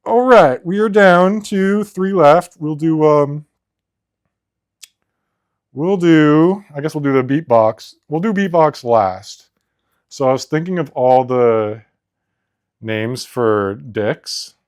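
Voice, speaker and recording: This man co-hosts a podcast, telling rambling stories in relaxed chat, laughing often and filling gaps with "like." His voice is a little high, darkish and smooth, and he talks slowly with frequent pauses.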